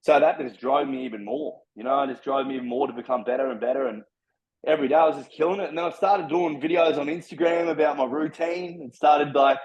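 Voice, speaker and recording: A man's voice: on the high side, a crowd in the background. A young Australian man, a personal trainer, telling his story in casual chat, blunt and full of swearing. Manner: blunt, heavy swearing, fast and driven. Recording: slightly dull lo-fi sound.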